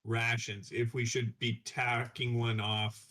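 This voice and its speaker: A man's voice: medium pitch, little pitch movement, slow pace, bright, forceful tone. A man, a player in a tabletop game, asking curious questions in casual chat.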